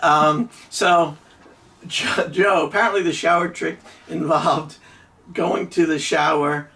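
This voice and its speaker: A man's voice: on the high side, fairly even intonation, slow, creaky, pushed and bright, far from the mic. A middle-aged man from New Jersey casually telling a rambling story with many restarts and laughs. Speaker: podcast co-host.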